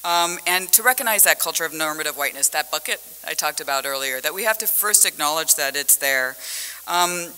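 Woman academic on a conference panel, bright and lively, acting out the dialogue, with long hall echo. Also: on the low side. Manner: animated storytelling, acts out dialogue, laughs often. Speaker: university professor on a conference panel. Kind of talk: conference talk with slides.

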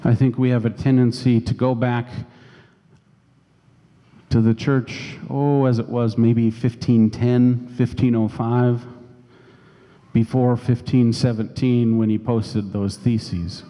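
A man's voice: mid-range voice, level tone, slow pace, dark tone. A man preaching a sermon as pastor, telling a personal story in a conversational way. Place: church sanctuary. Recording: long church reverb.

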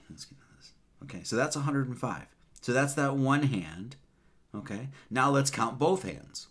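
A man's voice: on the low side, fairly bright tone. A man giving a loose, rambling sermon, counting numbers aloud with many fillers and casual asides. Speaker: preacher.

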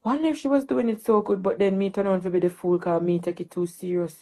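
A woman's voice: mid-range voice, steady tone, quick pace, few pauses, dark tone. A woman with a Jamaican accent hosting a casual live stream, joking and laughing in patois.

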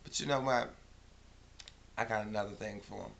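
A man ranting profanely to his camera at home, swinging between loud shouting and low muttering. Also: moderate pace, gravelly. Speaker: vlogger. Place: at home after waking.

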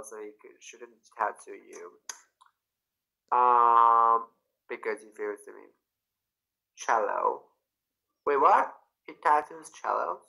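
A young man from Canada, with a high-leaning, bright and forceful voice on a rough recording, hosts a casual livestream. He reads viewers' comments aloud and chats with them in a bubbly, effusive way, bursting into squeals.

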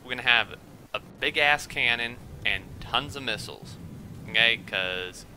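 A young man giving rambling, excitable gameplay commentary at his computer, quick to get worked up. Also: medium pitch, noisy background. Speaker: let's play gamer.

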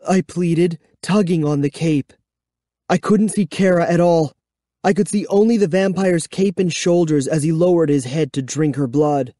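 A man reading a children's horror book aloud, giving expressive, measured first-person storytelling. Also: on the high side, no room sound, clean studio sound. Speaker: audiobook reader. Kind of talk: dramatic audiobook narration.

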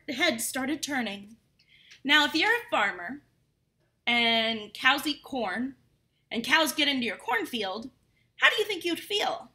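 Bright, lively teacher reading to kids. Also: female voice, on the high side. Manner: chatty and explanatory, asks questions of young children. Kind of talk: reading a story aloud and explaining words to young children.

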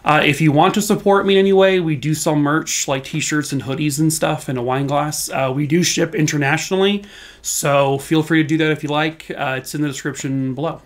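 A young man telling true crime stories in a casual, chatty vlog, full of fillers and slightly hoarse as he loses his voice. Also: fairly high pitch, steady tone, fairly quick. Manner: chatty, filler-heavy, self-deprecating.

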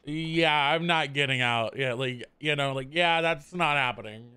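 A chatty man role-playing a friendly burger worker, his voice bright and forward with a crisp, clean edge. He sounds close and dry on his mic, with an upbeat, animated delivery. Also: on the high side, normal speed, no echo. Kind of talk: casual game role-play chat.

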